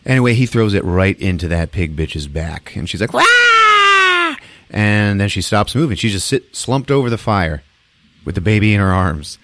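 A man hosting a podcast, retelling a movie in a jokey, laughing, animated way. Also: low voice, moderate pace, dry recording. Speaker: podcast host. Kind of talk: casual movie recap.

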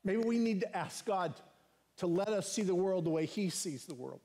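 A man's voice: sits high, lively intonation, normal speed, darkish tone. A male pastor preaching a sermon in an earnest style, repeating phrases and lifting his voice for emphasis. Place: church.

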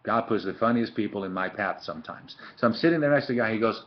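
A man's voice: fairly low pitch, lively intonation, quick pace. A man teaching a philosophy lesson in a casual lecture style, full of fillers and storytelling asides, recorded on a webcam. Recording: dull lo-fi webcam audio.

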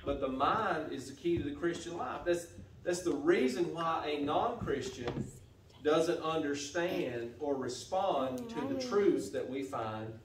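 A man preaching a sermon as pastor, steady and earnest, often repeating and restarting phrases. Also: a little high, a little slow, noisy background. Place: church sanctuary. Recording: echoey church from a distance.

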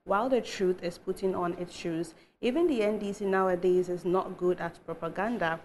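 A woman with a Ghanaian English accent reading viewer text messages on air, steady with soft hesitations. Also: fairly low pitch, moderate pace, a little hiss or hum.

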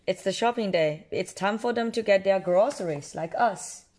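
A woman reading a picture book aloud to a child, pausing to explain the story in simple words. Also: mid-range voice. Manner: slow, expressive, pauses to explain to a child.

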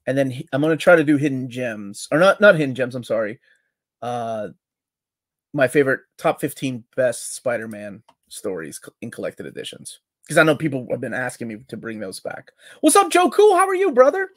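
A man's voice: mid-range voice, normal speed, no echo, studio quality. Joking man co-hosting a live show. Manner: relaxed, joking, greets chatters loudly. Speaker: co-host of a live comics show. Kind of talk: casual live-stream chat.

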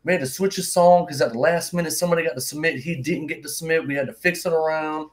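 A man co-hosting a livestream music competition, talking in an animated, exclamatory way. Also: a little high, quick pace. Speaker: co-host. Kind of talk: casual livestream banter.

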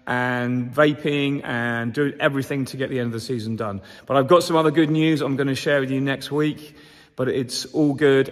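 A middle-aged man hosts a casual beekeeping vlog, upbeat and rambling with plenty of fillers. His throat sounds a little sore. The honey house around him gives his voice a long, ringing reverb. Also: medium pitch. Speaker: commercial beekeeper and channel host.

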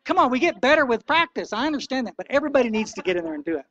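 A man's voice: very high voice, big pitch swings, rapid-fire, muffled recording, background noise. A man in his sixties giving an impassioned, folksy talk to a recovery meeting, preachy and blunt.

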